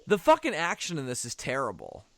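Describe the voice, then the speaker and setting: A man's voice: medium pitch, wildly swooping pitch, fairly quick, creaky, dry recording. A man giving casual, sarcastic commentary on a movie, swearing often.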